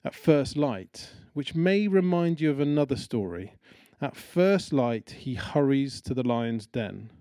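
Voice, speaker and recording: A man delivering a sermon in a relaxed, chatty manner, slipping into voices to act out the story. His voice sits at an ordinary middle pitch with a mellow, warm tone. The sound is dry and close, with no room echo. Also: unhurried, hardly any pauses. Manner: conversational, animated storytelling with acted-out quotes. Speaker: preacher.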